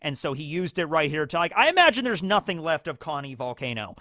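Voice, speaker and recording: A man with a fairly high voice talks through a story in a loose, chatty way. He is full of "like" and "you know," and keeps jumping into lively acted-out bits. The sound is dry and close. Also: quick pace, no echo. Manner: animated, acts out scenes in character voices. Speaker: YouTube host. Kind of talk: casual anime discussion.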